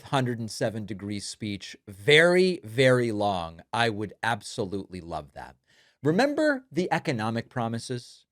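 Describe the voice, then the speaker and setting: A man's voice: mid-range voice, huge pitch swings, a little slow, a bit bright, no echo, studio quality. A man hosting a political commentary show, mocking and sarcastic in his delivery.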